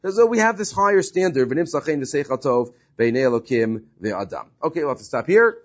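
Husky man teaching a Talmud class. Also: medium pitch, sing-song, brisk. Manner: explains Hebrew and Aramaic text then paraphrases it, with frequent fillers and restarts. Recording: dull lo-fi recording.

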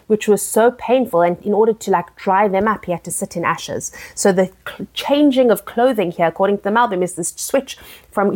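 A woman with a mid-range voice teaches a text study lesson. She reads each verse aloud, then explains it earnestly. She pauses on fillers and restarts her sentences often. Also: medium pitch.

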